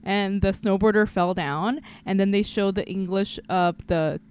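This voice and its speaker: A woman co-hosting a podcast, chatting casually in an excitable, playful way. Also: medium pitch, measured pace, clear, resonant tone. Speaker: podcast co-host. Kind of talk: casual chat.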